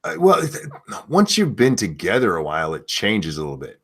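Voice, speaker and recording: Low voiced guy riffing crude jokes on a stream, voice jumps all over. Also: normal speed, husky. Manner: loose rambling crude humor, animated. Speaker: show host. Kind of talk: casual podcast chat reading donations.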